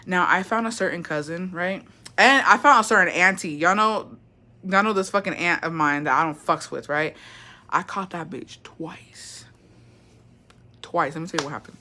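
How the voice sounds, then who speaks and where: Bright-voiced, foul-mouthed woman livestreamer. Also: lowish voice, moderate pace. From Mexico. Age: 20s. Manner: chatty, profane, gossipy, reads chat aloud. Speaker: livestream host. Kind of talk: casual storytime livestream.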